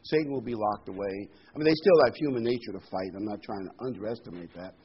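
A man preaching a sermon to his congregation. He leans hard on key words and repeats them, with loud bursts on the stressed ones. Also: on the low side, quick pace. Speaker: pastor. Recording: slightly dull lo-fi sound with faint room noise.

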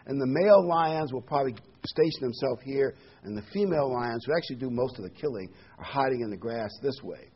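A man's voice: mid-range voice, fairly quick, few pauses, slight background noise. A man preaching a sermon, earnest and emphatic, repeating key words with occasional ums. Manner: earnest, emphatic repetition with fillers. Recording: dull lo-fi recording.

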